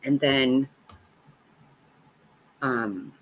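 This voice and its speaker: A woman's voice: a bass voice, drawn-out words, dull audio. A woman in her fifties telling a personal story in a rambling, casual way, swearing freely. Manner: rambling, swears freely, laughs between lines.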